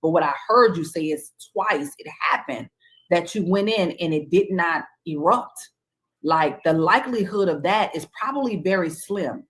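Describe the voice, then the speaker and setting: A woman's voice: fairly low pitch, lively intonation, moderate pace. A woman hosting a panel, responding with affirmations and faith-filled encouragement. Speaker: host. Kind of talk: casual panel talk.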